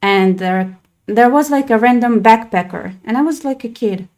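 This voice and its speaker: A woman's voice: a little high, moderate pace, a little mellow. A young woman hosting a casual chat, talking loosely with lots of fillers and restarts. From Israel. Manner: chatty, with many "like" fillers and restarts. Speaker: host.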